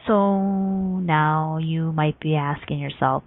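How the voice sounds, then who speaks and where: A woman hosting a motivational radio talk show, telling stories with lively acted-out voices and frequent laughter. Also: on the low side, moderate pace, creaky, dry recording. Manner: animated storytelling, acts out quoted voices; laughs often between points. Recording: tinny phone-like line, dry.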